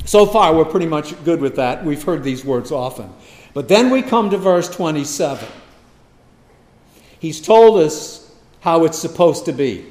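A man's voice: on the high side, expressive, moderate pace, darkish tone. A man preaching a sermon as pastor, reading scripture with emphatic, dramatic stress.

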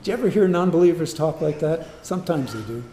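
Expressive preacher man in an echoey room. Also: fairly high pitch, fast talker, a little hiss or hum. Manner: dramatic, acts out biblical voices with humor. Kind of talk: sermon.

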